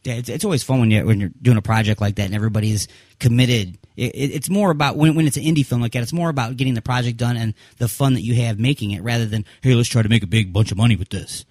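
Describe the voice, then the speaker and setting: A man's voice: mid-range voice, quick pace, a little mellow, no room sound, clean studio sound. A man hosting an interview show, chatting casually and putting on silly voices in passing. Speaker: interview host and indie filmmaker.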